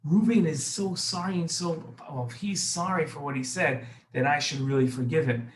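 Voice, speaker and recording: An easily offended grown man from a storybook, as a man acts him out. He exclaims in a high, sharp voice, quick to take insult. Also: roomy sound, slight background noise, lightly acted. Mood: relieved. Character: touchy grown man in a quarrel.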